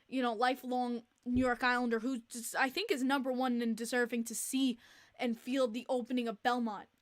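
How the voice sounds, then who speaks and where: A young woman hosts a casual podcast livestream in a high, bright-pitched voice. She talks in an animated, exasperated way, repeating her points with plenty of fillers. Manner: chatty, with many fillers. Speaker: podcast host.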